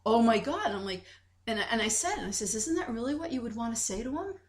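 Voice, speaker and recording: A woman's voice: on the high side, fast. A woman co-hosting a podcast in casual chat, telling stories animatedly and acting out quoted dialogue. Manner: animated storytelling, acts out quoted dialogue, many restarts. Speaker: podcast co-host.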